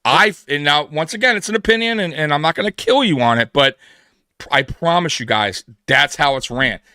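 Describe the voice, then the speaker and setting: Emphatic man arguing sports, bright voice. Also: a little high, animated, moderate pace, dry recording, clean studio sound. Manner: emphatic, repeats himself, acts out quoted dialogue. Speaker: podcast co-host. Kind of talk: casual sports talk. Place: live pregame stream.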